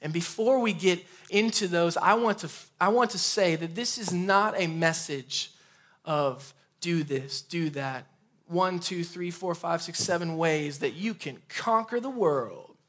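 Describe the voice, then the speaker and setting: High-voiced casual young male preacher. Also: unhurried. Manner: conversational, energetic preaching with asides. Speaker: pastor. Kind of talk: sermon. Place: empty room.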